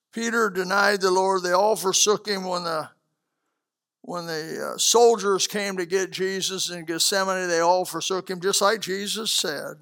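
A male preacher giving a sermon to a congregation, swinging from loud declarations to hushed asides. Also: high-pitched, smooth. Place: church hall with a congregation.

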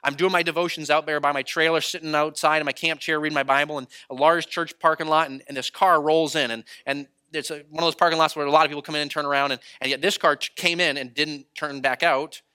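Man, traveling preacher, storytelling sermon, bright voice, a bit high, animated. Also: fast talker, few pauses, smooth.

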